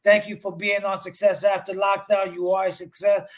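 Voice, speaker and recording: A man's voice: high voice, level tone, moderate pace. A man co-hosting a podcast, talking bluntly and passionately with plenty of swearing. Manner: blunt, fired-up, swears freely. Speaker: podcast co-host. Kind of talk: motivational talk.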